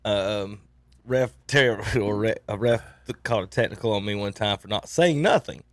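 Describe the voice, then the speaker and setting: A man's voice: on the low side, normal speed, dry recording. A man co-hosting a sports talk show, telling rambling stories about umpiring with frequent laughs. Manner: rambling storyteller, laughs often. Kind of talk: casual radio banter.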